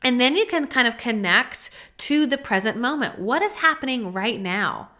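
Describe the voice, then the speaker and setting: A woman hosting a solo podcast from her home office, coaching listeners in a gentle, casual way with plenty of "like" and "you know.". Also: a little high, lively intonation, moderate pace. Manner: gentle, coaching, speaks softly when modeling self-talk. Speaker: podcast host. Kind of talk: solo podcast monologue on mindfulness.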